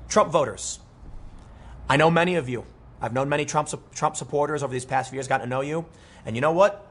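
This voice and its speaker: Young male commentator, husky and slightly high, rambling animated monologue. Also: fast. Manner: animated, rambling, many restarts. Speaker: political commentator.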